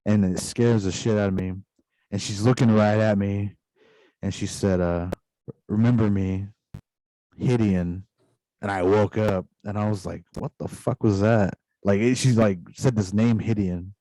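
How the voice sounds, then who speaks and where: A man's voice: fairly low pitch, fairly even intonation, normal speed, warm tone, dry recording, low-quality recording. A man casually retelling a long dream on a podcast, rambling loosely with constant asides. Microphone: podcast microphone.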